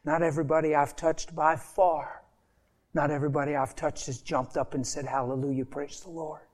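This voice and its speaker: Male preacher, high voice, impassioned sermon storytelling, loud to hushed. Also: moderate pace. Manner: impassioned, swings from loud animated storytelling to hushed intimate tones.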